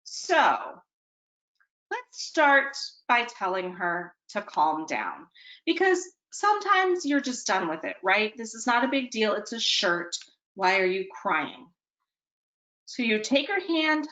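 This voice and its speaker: A woman's voice: fairly high pitch, sing-song, takes it slowly, a bit bright, roomy sound, highs cut off. A woman presenting a parenting webinar in a conversational way, often checking in with her listeners.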